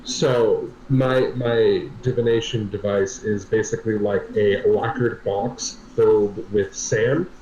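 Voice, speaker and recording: A man with a fairly low voice describes his character's actions in a tabletop game. He talks in a halting, apologetic way with frequent fillers. His sound is roomy and dull, like a lo-fi mic in an echoey room. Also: steady tone, darkish tone, slight background noise. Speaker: player. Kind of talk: casual tabletop play.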